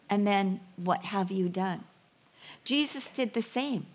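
A middle-aged woman giving a sermon, telling Bible stories with animated, acted-out dialogue. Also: medium pitch, takes it slowly. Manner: animated storytelling, acting out voices and whispers. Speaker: women's ministry speaker.

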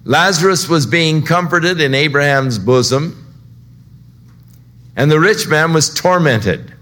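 A man preaching a verse-by-verse Bible teaching sermon, conversational and unhurried, rising louder at dramatic points. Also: on the high side. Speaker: pastor.

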